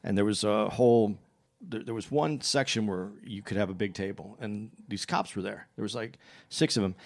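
A man chatting casually, telling a story in a rambling way with many restarts and self-corrections, and growing animated as he retells exchanges. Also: lowish voice, normal speed, vocal fry.

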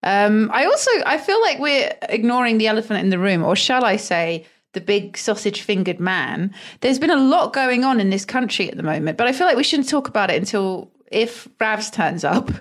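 A woman's voice: mid-range voice, big pitch swings, moderate pace, few pauses. A woman co-hosting a podcast in casual chat, giggling a lot and letting her sentences trail off. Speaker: podcast co-host.

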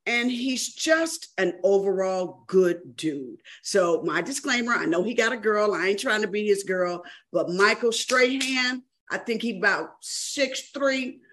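A woman's voice: medium pitch, expressive, a little slow, few pauses, a bit bright. A woman with a mid-range voice gushes in casual talk show chat. She restarts her sentences often and fills the gaps with "uh" and "you know". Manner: gushing, trailing off into fillers.

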